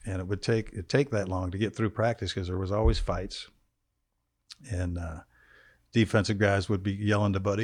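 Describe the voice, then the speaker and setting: A man's voice: lowish voice, fairly even intonation, brisk, darkish tone, no room sound. A man in his sixties telling laid-back, wry stories as a guest in a studio. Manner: laid-back, wry, trails off in long anecdotes. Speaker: guest, former football quarterback. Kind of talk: casual storytelling.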